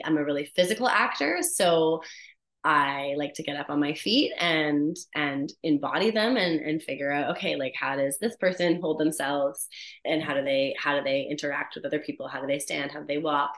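A woman actor chatting as an interview guest, animated and laughing often as she tells stories about her work. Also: low voice, moderate pace, reverberant. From Canada. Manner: animated storyteller, laughs often, many restarts. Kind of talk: casual interview chat.

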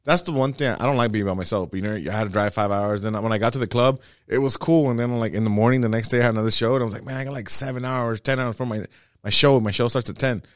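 A man, a stand-up comedian, chatting casually as a podcast guest and telling animated stories. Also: medium pitch, fast talker, no room sound, studio quality. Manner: animated storyteller, acts out other voices.

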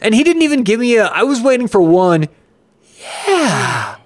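A man co-hosting a podcast, telling a story in a playful, animated way with quick asides. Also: very high voice, no echo, clean studio sound. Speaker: podcast co-host. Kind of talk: casual chat.

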